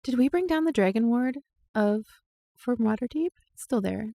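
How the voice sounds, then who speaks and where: A woman player at a tabletop game, thinking her ideas through aloud. Her voice has a gravelly fry, and the sound is dry and close. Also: fairly high pitch, expressive, normal speed, dark tone, no echo. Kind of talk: tabletop role-play.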